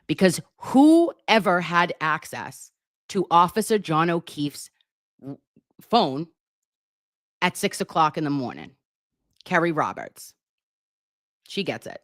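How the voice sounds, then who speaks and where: A woman's voice: lowish voice, big pitch swings, slow pace, pauses often, no echo, clean studio sound. A woman hosting a casual trial recap, emphatic and profane as she talks. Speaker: commentary host.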